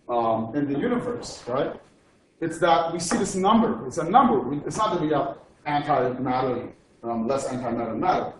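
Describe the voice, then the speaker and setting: Man lecturing in an echoey hall. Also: fairly high pitch. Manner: digressive and joking, with frequent "okay?" check-ins. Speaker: physics professor giving a lecture. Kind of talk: informal academic lecture. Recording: echoey lecture hall from far off with faint noise.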